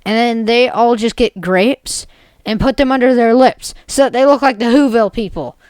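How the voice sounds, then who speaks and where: A woman's voice: a little high, moderate pace, a little mellow, clear, resonant tone, dry recording. A woman retelling an absurd made-up story in a rambling, jokey way, full of "basically" and "like". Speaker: video creator.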